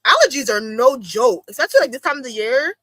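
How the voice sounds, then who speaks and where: A young woman chats slangily through a live watch-along, her voice fairly high and bright with a sharp edge. She keeps swooping up into excited exclamations. The sound is close and dry, with no room around her. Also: fast, no room sound. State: itchy watery eyes from allergies. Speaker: streamer hosting a wrestling watch-along. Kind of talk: casual live-stream commentary.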